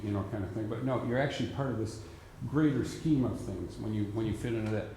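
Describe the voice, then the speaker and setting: In a large rehearsal hall, a man conducts a band rehearsal, patiently explaining the music and singing rhythms aloud to the players. His warm, mid-range voice moves fairly quickly, with slight background noise and a roomy sound with faint ambience.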